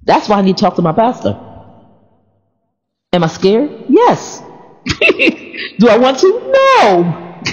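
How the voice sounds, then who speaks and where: Animated woman in an echoing space. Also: a little high, a little slow, pauses often. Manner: animated, laughing, repeating words. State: sleepy with allergies. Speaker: church member sharing devotional thoughts. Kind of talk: casual faith talk. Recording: reverberant, dull lo-fi sound.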